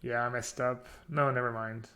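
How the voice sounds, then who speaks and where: A man streaming a card game, chatting casually and thinking out loud while poking fun at himself. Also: medium pitch, fairly even intonation, normal speed. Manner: chatty, self-mocking, thinks aloud. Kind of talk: casual live-stream commentary.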